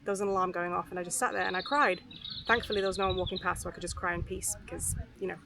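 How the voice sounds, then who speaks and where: Soft-spoken woman rambling outdoors. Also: on the low side, fairly even intonation, creaky, noisy background. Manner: soft, unhurried, frequent fillers and restarts. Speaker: vlogger. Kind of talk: candid rambling talk to camera. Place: outdoors beside a river on a footpath.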